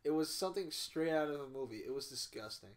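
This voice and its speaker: A man's voice: on the high side, lively intonation, quick pace. A young man with a middling voice chatting on a casual podcast. His talk is loose and slangy, and he repeats himself as he builds a story. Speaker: podcast co-host.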